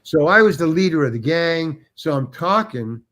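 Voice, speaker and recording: A man's voice: on the high side, animated, a bit bright. Rambling older man telling stories. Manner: rambling, halting, with restarts and acted quotes. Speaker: guest actor. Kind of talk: anecdotal storytelling.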